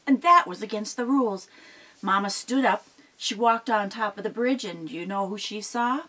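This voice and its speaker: A woman telling a folk tale aloud in an animated, expressive way, with sound effects. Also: mid-range voice, moderate pace, rough recording. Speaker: storyteller. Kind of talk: oral storytelling performance.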